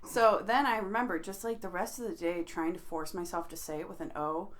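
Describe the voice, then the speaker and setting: A woman with a Chicago accent, co-hosting a casual podcast and telling animated, profane stories. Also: on the low side, brisk. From American Midwest. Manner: animated, profane, laughing storyteller. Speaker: podcast co-host. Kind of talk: casual storytelling chat.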